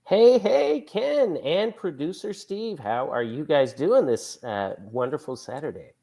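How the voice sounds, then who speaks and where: A man calling in to a talk show, friendly and relaxed, pausing with fillers. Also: a little high, vocal fry. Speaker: caller. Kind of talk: casual call-in chat.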